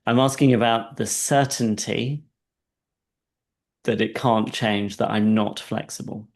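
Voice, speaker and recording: A man with a gravelly, creaky voice leads a client through a coaching session in a slow, soft, guiding tone. He keeps checking in with short questions and laughs lightly between points. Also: lowish voice. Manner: calm and soft-spoken in guidance, animated when telling stories.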